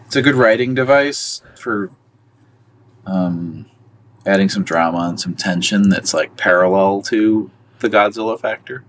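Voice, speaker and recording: A man's voice: fairly low pitch, measured pace. A man co-hosting a podcast in a casual movie chat, rambling and hesitant, with lots of "um" and "like". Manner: rambling, hesitant, full of fillers. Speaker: podcast co-host. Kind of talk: casual film discussion.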